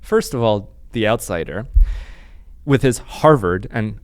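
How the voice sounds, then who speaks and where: A man's voice: lowish voice, animated, a little slow, no echo, studio quality. A man from Canada hosting a political podcast, blunt and joking, with a lot of swearing. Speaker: podcast host. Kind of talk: casual political podcast chat.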